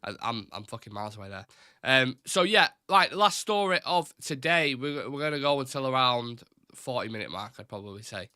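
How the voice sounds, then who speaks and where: A man's voice: medium pitch, animated, brisk, pushed and bright, no echo, clean studio sound. A man hosting a football fan live stream, talking casually and at length, rambling with strong opinions and the odd swear word. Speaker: host of a football fan show.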